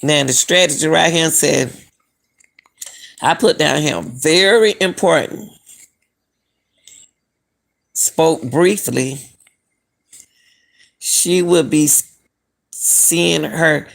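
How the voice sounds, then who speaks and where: A woman's voice: sits low, very slow, vocal fry, pauses often. A middle-aged woman hosting a casual live-stream, talking to viewers as "y'all" and questioning what she reads. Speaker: commentary channel host.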